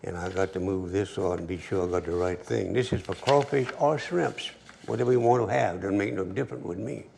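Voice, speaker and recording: Gravelly older man cooking. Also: low voice, a little fast, few pauses, slight background noise. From Louisiana. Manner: relaxed drawl, storytelling asides. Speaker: cooking show host. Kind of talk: folksy cooking demonstration.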